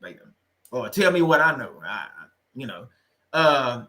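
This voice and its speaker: A man hosting a casual livestream talk, animated and joking, laughing often and speaking straight to his viewers. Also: medium pitch, a little slow. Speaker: livestream host on narcissistic abuse.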